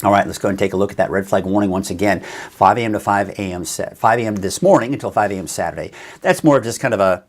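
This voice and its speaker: A man's voice: on the low side, fast. A man hosting a weather forecast show, with a conversational style and some fillers and self-corrections. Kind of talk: casual weather forecast talk.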